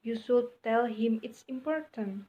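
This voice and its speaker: A woman's voice: fairly high pitch, unhurried, natural voice. A woman reading a helpful friend giving advice. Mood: concerned. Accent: Indonesian. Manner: plainly read from a script. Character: male friend Rob offering advice. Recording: dull lo-fi recording.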